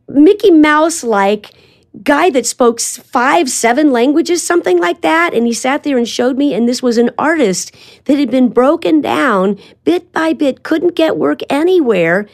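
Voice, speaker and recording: An older woman talks as an interview guest, spinning anecdotes in a loose, chatty way. She slips into quoted lines as she tells them, and her delivery stays expressive. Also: a little high. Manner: animated storytelling with quoted asides. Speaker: guest, voice actress. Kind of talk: casual interview chat.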